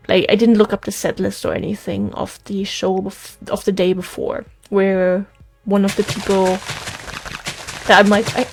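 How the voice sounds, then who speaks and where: A young woman hosting a gameplay video, chatting in a rambling, emotional way and sounding worn out after a concert. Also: mid-range voice. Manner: rambling, excitable, emotional, with restarts and sighs. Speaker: let's play host. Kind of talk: casual chat while gaming.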